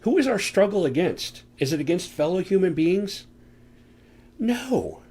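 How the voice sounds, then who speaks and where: A man's voice: sits high, very animated, a little slow, dark tone, breathy edge. A man giving an earnest, conversational Bible teaching from a room at home, asking rhetorical questions into a desk microphone. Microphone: desk microphone on camera.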